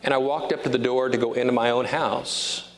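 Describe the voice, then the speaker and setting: A man in his fifties preaching a sermon as a pastor, emphatic, repeating key phrases and slowing down to stress them. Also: mid-range voice, steady tone. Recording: reverberant hall with faint noise.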